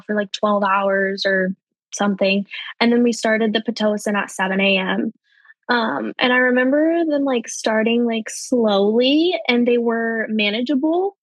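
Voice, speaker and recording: Chatty young woman, dry close sound. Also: no echo. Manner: chatty, heavy with fillers like um and you know; jumps higher when quoting people. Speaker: podcast guest. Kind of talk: casual personal storytelling.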